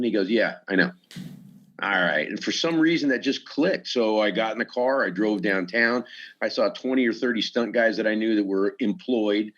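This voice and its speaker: This podcast guest works as a stuntman and recounts stories casually, acting out quoted dialogue with lots of energy. His voice is fairly low, and the recording lacks high frequencies.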